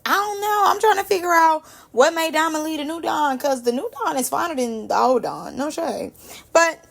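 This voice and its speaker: A young woman recapping a reality show in a casual, animated, slangy way. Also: high-pitched, moderate pace, gravelly.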